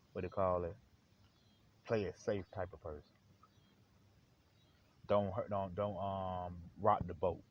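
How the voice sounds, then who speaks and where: A man hosting a live stream, rambling in slang with lots of fillers. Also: low-pitched. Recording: dull lo-fi with faint hiss.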